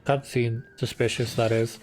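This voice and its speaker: A man's voice: medium pitch, little pitch movement, moderate pace, faint music behind. A man hosting a let's-play, chatting casually and drifting between topics as he plays, with lots of fillers and restarts. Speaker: gaming channel host. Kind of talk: rambling let's-play commentary.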